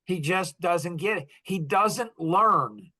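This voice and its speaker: A man hosting a podcast, talking in a rambling, animated casual monologue and acting out conversations in different voices. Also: sits high, slow pace. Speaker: podcast host.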